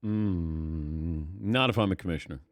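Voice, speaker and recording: A middle-aged man hosting sports talk radio, telling stories with lively energy and acting out his own past thoughts. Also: deep voice, measured pace, no echo, studio quality.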